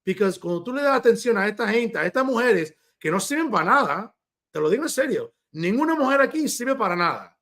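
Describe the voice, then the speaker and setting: A man's voice: sits high, sing-song, fast, fairly bright tone. A male political commentator and show host delivering a combative, sarcastic opinion monologue, switching into Spanish mid-rant. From New Jersey.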